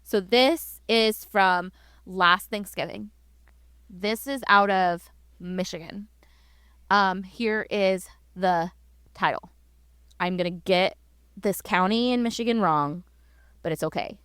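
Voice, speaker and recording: A woman's voice: mid-range voice, takes it slowly, pauses often, fairly bright tone, clean tone, dry recording, clean studio sound. A woman co-hosting a podcast in casual chat, gushing and rambling with many restarts and fillers. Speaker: podcast co-host.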